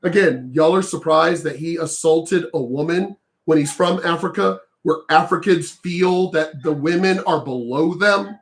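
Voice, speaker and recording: A man giving a heated, profane reaction commentary, hammering his points and sometimes shouting. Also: fairly high pitch, measured pace, few pauses.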